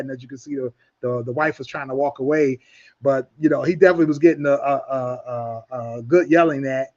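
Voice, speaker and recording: A man's voice: mid-range voice, steady tone, fairly quick, darkish tone, highs cut off. A man hosting a talk radio show in casual chat, rambling with many restarts.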